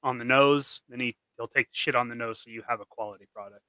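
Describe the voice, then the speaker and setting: Bright-voiced laid-back man. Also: medium pitch, fairly even intonation, quick pace, dry recording, poor audio. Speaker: guest. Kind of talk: casual chat.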